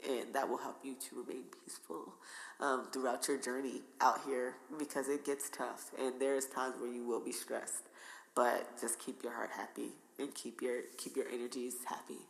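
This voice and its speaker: Jersey woman, podcast guest, very low voice, easygoing laughs, echoey room. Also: flat delivery, moderate pace. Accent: New Jersey. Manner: laughs often, loose and chatty. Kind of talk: casual chat. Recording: echoey room with long reverb.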